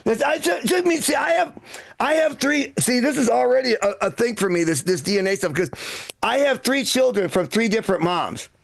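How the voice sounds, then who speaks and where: Older male stand-up emcee, sixties, very high gravelly voice, rambling self-deprecating delivery. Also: animated, a little fast. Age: 60s. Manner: rambling, self-mocking delivery with frequent restarts. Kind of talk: live stand-up comedy set. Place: comedy club stage.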